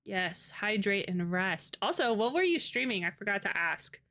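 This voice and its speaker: American woman, casual streamer chatting, rambling, laughs a lot, mid-pitched. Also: very animated, normal speed, bright, forceful tone. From United States. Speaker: livestreamer. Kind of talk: casual chat with live viewers.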